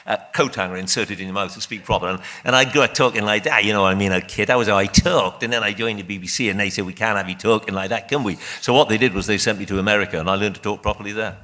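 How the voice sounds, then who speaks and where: A man's voice: on the low side, rapid-fire, hardly any pauses, sharp tone. An older man from Wales, a veteran broadcaster, telling a rambling anecdote in a debate with frequent restarts. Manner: rambling storyteller with restarts and self-corrections.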